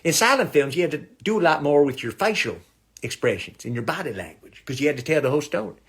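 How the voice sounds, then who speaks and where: A man doing a fast, swaggering, crude comic monologue on a live stream from a small home studio. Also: on the high side, lively intonation, a bit bright, husky. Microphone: phone or webcam on a live stream.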